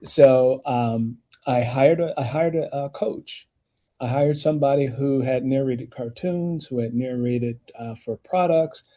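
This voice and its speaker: An American author and audiobook narrator, appearing as a podcast interview guest, speaks in an unhurried, animated way, his pitch rising emphatically whenever he makes a point.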